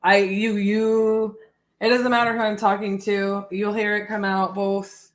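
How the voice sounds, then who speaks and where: A woman's voice: medium pitch, little pitch movement, measured pace, slight background noise. A woman with a blended Midwestern and Southern US accent, a real estate wholesaler hosting a livestream and talking friendly and rambling, often restarting her sentences. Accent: mix of Midwestern and Southern US. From Northwest Ohio, raised in Texas from age eleven. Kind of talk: livestream chat and sales phone call.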